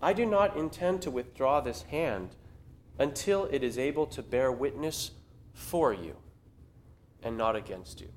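A man reading aloud the lines of a wise old rector who questions a man gently but firmly. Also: mid-range voice, animated, measured pace, a little hiss or hum, natural voice. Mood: gently probing. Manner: earnest, questioning, read aloud.

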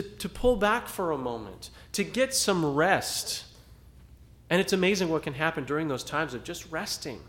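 A man's voice: a little high, fairly bright tone. A man preaching a sermon to a small congregation in a conversational style, rising to dramatic emphasis at times. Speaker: pastor.

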